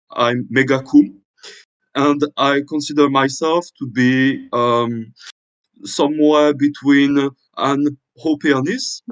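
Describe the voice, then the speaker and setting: A man joining a stream as a guest, talking hesitantly with many pauses and restarts. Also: mid-range voice, dull audio.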